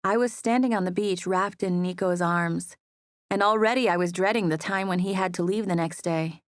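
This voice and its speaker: A woman narrating a first-person romance audiobook in a soft, wistful manner. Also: lowish voice, normal speed, no room sound, clean studio sound.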